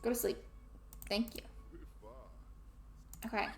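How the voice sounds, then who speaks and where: Taking her time, a woman gives casual let's-play commentary on a life sim, bantering playfully and telling off her characters. Her voice is reverberant, with soft music playing in the background.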